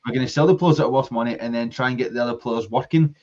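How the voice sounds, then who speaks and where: A Scottish man in full flow on a fan podcast, pressing his case with passion and barely pausing. His voice sits at an ordinary middle pitch. The sound is dull and lo-fi, like an online call. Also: darkish tone. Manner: passionate, talks in long runs of argument. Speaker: podcast co-host. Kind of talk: casual football fan chat.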